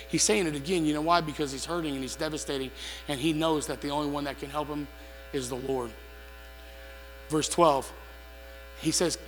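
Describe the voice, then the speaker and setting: A male preacher with a bright, forceful voice that rings through a large hall. He reads scripture, then rises into impassioned appeals to the congregation. Soft music plays faintly under his words. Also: a little high, normal speed, long pauses. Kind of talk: sermon.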